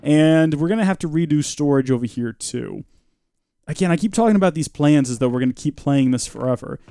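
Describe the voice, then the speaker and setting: A man's voice: fairly high pitch, animated, fairly quick, warm tone, no echo, clean studio sound. A man giving chatty, joking live gameplay commentary and reading out viewer comments. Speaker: streamer.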